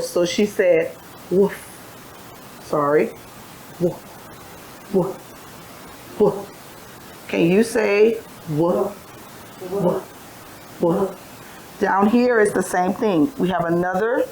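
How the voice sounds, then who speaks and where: Slow, patient woman teaching phonics. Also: medium pitch, a little hiss or hum, rough recording. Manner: slow, patient sing-song storytelling with letter sounds. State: tired. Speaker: preschool teacher. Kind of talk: phonics lesson for young children.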